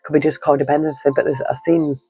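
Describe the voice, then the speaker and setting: A man's voice: on the high side, flat delivery, fast, warm tone, faint music behind, poor audio. A man giving an earnest, encouraging tarot card reading, rambling and repeating himself often. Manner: rambling and repetitive, leaning on "you know". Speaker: tarot reader.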